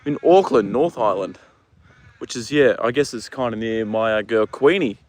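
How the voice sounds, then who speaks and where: A young man from New Zealand hosting a casual livestream outdoors at a horse paddock, chatting with viewers and cooing at his horse, relaxed and swearing now and then. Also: fairly low pitch, moderate pace. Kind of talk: casual chat reading viewer comments.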